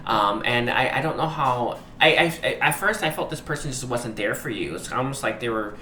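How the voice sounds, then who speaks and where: A man's voice: medium pitch, animated, moderate pace, few pauses, pushed and bright. Hesitant, earnest man reading tarot, roomy sound. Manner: hesitant, searching for words, often apologizing; earnest, emotionally moved. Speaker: tarot reader. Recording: roomy echo, faint background noise.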